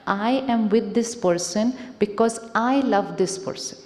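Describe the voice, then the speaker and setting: A woman speaks with an Indian English accent in a soft, mellow voice, addressing a live audience in a large conference hall. She asks her listeners questions and slips into Hindi as she talks. The sound rings with the long, echoey reverb of a big hall. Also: mid-range voice, measured pace. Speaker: spiritual speaker. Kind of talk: inspirational talk to a live audience.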